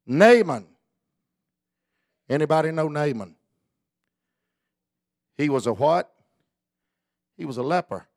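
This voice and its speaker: A man preaching a sermon in a folksy, colloquial storytelling manner, building up to fervent, near-shouted exhortations. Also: fairly high pitch, lively intonation, a little slow, gravelly, pauses often, no room sound, clean studio sound.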